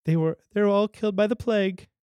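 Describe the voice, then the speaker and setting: Man doing old male servant, pitched up, doddering, glum, comic parody. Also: quick pace, a little mellow, clean tone, no echo, natural voice. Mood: mournful. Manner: mournful, reciting bad news.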